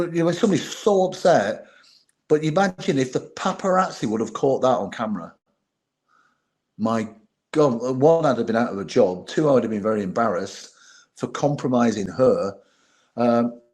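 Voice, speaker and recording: A man's voice: mid-range voice, fairly quick. Man telling bodyguard stories. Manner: candid, animated anecdotes with laughter. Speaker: former bodyguard, guest. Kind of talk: storytelling in a podcast interview.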